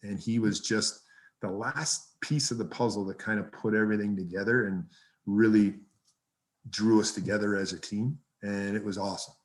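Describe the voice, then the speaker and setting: A man, a hockey coach, telling lively anecdotes as a podcast guest and swearing freely. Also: fairly low pitch, normal speed. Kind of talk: casual storytelling.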